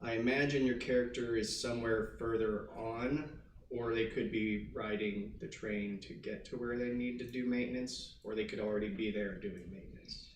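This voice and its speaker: A man's voice: mid-range voice, fairly even intonation, normal speed, echoey room. Male game master, chatty filler-heavy narration, faint hiss, distant mic.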